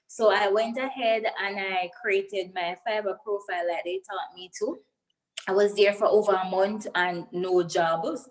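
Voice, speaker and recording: A woman's voice: mid-range voice, normal speed, poor audio. A young woman with a Jamaican accent, a guest in an interview, earnestly telling her personal story and getting emotional as she goes.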